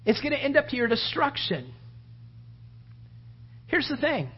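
A man's voice: extremely high pitch, sing-song, measured pace. A man preaching a sermon as pastor, conversational and repetitive, in a dull lo-fi recording. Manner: conversational and repetitive, plays out the story in voices.

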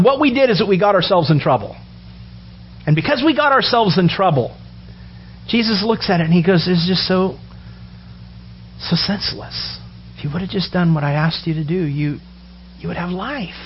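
A man preaching a sermon, animated and storytelling, acting out the characters' words as he goes. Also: high voice, slight background noise. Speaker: pastor. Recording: dull lo-fi sound with faint ambience.

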